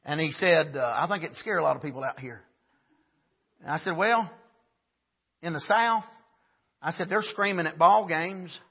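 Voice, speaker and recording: A man preaching a sermon at a camp meeting, punctuating with frequent "amen" and building up to shouts. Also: on the high side, moderate pace, pauses often, husky, lo-fi sound.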